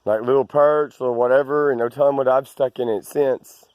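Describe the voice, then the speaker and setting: An Arkansas landowner vlogs as he tramps across his rural land, breathless and meandering, often restarting or wandering into asides. He has a mid-range, slightly mellow voice, fairly even and fairly quick, recorded dry.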